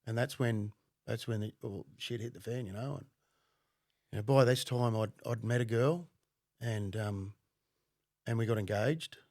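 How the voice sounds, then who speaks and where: Guest: Australian man, gravelly and blunt, profane storyteller, dry close mic. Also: mid-range voice, unhurried, darkish tone, no echo. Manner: profane, blunt, laughs often. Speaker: podcast guest, former undercover cop. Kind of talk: casual storytelling.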